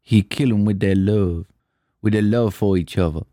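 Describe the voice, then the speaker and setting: A British man reading a film quote as a big gentle man, in a slow, low drawl. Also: no echo, clean studio sound, lightly acted. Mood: mournful.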